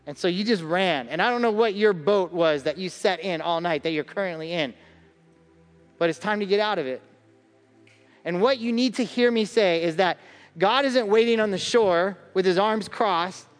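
A male pastor delivers a conversational sermon with a fairly high voice. His voice carries a long hall reverb. Soft music plays faintly underneath. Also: moderate pace. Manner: conversational preaching, acts out quoted voices.

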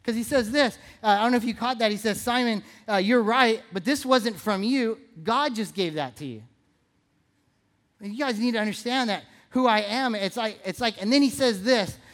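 A pastor delivers a sermon in church, with a mid-range, fairly bright voice at normal speed. He is conversational and playful, asking the audience questions and repeating phrases for emphasis.

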